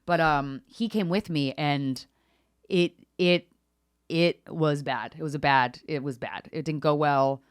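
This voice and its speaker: A woman's voice: low voice, measured pace, clean tone, dry recording, clean studio sound. A woman guest on a podcast, telling a personal story in a frank, unfiltered way, swearing freely and acting out what people said. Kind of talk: candid conversational storytelling. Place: New York.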